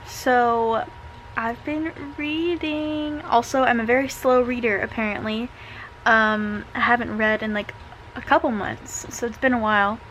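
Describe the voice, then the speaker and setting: A woman's voice: a little high, steady tone, measured pace, a bit bright, slight background noise. A young woman vlogging casually from bed at home, chatting with lots of filler words like "like" and "um". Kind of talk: casual chat to camera.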